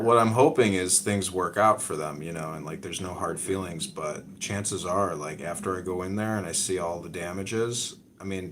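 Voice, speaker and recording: Low-voiced man telling rambling stories. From United States. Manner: rambling storyteller, gets loud and excited. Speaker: podcast host. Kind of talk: casual chat.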